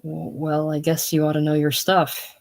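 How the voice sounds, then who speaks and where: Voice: medium pitch, monotone, a little slow, vocal fry. A reader voicing David, a plain-spoken young garage owner of about twenty-one, friendly but a bit tense. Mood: reassuring. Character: young small-town garage man, about 21.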